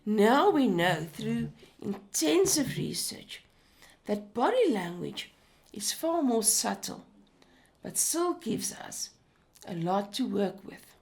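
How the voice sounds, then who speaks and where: A woman presents an educational talk slowly and deliberately. Her voice has a gravelly, fry-tinged texture, and she takes her time over each phrase. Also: medium pitch, big pitch swings, a little mellow. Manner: slow and deliberate.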